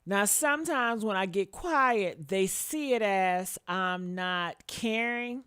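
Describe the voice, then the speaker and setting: A woman's voice: medium pitch, lively intonation, takes it slowly, a bit bright, clean tone. A woman in her fifties giving casual live commentary on a crime case, blunt and profane, talking straight to her viewers. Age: 50s. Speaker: commentary vlogger.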